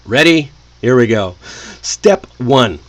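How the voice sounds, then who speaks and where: Guy teaching english, slow and easy pace, friendly. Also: mid-range voice, animated, fairly bright tone. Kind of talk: casual lesson delivery.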